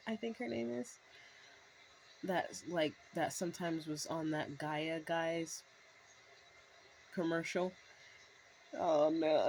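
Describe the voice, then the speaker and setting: A woman's voice: on the low side, slight background noise, low-quality recording. A woman in her thirties telling a rambling story to camera, full of fillers and restarts. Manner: breaks into laughs. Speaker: vlogger. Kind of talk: casual storytelling monologue.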